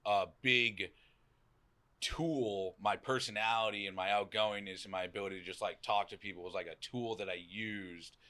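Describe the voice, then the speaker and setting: A young man with a Boston accent, a podcast guest talking loudly and outgoingly in casual conversation, swearing and acting out quotes. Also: fairly low pitch, fairly even intonation, normal speed.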